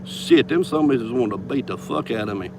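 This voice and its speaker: A man's voice: medium pitch, lively intonation, moderate pace, noisy background. Profane man spinning a yarn. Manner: drawling, profane, laughs between lines. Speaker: vlogger telling a story. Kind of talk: casual profane storytelling.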